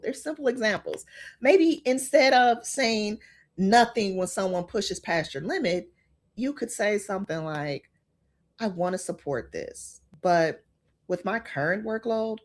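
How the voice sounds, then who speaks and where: A woman's voice: mid-range voice, a little mellow. A middle-aged woman hosting a podcast, giving an earnest motivational talk and checking in with the listener often. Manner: earnest, repeats "okay?" to the listener. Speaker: podcast host.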